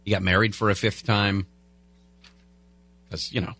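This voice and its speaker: Male radio host, lowish bright voice, casual rambling delivery on air. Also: flat delivery, normal speed, no room sound. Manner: casual, rambling asides between headlines. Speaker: radio talk show host. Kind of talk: talk radio chat and news rundown. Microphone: studio broadcast mic.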